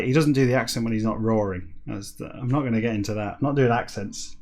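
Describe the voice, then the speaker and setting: A man reading a book aloud for comedy, breaking off into dry, deadpan asides. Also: medium pitch, quick pace, few pauses. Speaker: comic reader.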